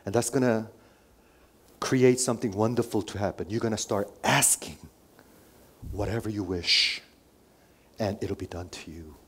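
Preacher who swings loud and hushed. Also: male voice, lowish voice, moderate pace, pauses often, husky. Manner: swings between loud emphatic lines and hushed whispered asides; repeats phrases, asks the congregation rhetorical questions. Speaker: pastor. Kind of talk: sermon.

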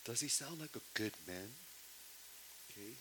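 A middle-aged male pastor preaching a sermon, asking the congregation rhetorical questions and swinging between loud emphasis and hushed lines, with non-native English phrasing and restarts. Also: on the low side, expressive, normal speed, background noise.

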